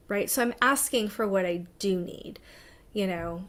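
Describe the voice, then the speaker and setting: Therapist lady chatting through a webinar talk, lots of ums and restarts, middle-aged, average pitch. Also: measured pace. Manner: conversational, warm-hearted advice with frequent fillers and restarts. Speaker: psychotherapist giving a talk. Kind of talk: informal webinar presentation.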